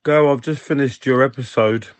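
A man's voice: medium pitch, moderate pace, dry recording. A man leaving a casual voicemail for a podcast while eating, cheeky and gossipy. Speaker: caller.

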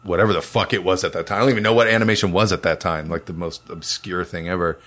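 A man's voice: sits low, steady tone, fast, fairly bright tone. A man who works as an animation producer, chatting casually as a podcast co-host, swearing often and rambling with many restarts. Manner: profane, enthusiastic, rambling with restarts. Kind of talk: casual chat.

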